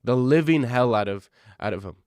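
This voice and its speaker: A man streaming in casual chat, reacting to viewers, excitable and profane, often repeating himself. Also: medium pitch, moderate pace, no echo.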